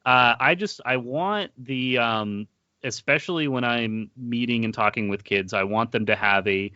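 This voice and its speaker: A man hosting an interview, talking earnestly in a casual, halting way with many fillers and restarts. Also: medium pitch, bright, forceful tone, no echo, highs cut off. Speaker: podcast host.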